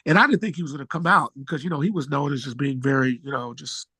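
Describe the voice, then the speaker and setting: Animated man telling stories, dry sound. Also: fast, husky, dry recording. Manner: animated storyteller, jumps high when excited; relaxed, slangy talk. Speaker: musician guest. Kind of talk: casual storytelling interview.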